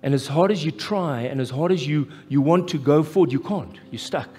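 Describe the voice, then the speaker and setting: A man with a South African accent preaching a live sermon as pastor, impassioned and rising to loud, emphatic peaks. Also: on the high side, a little fast. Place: church hall, live. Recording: echoey church hall with faint music.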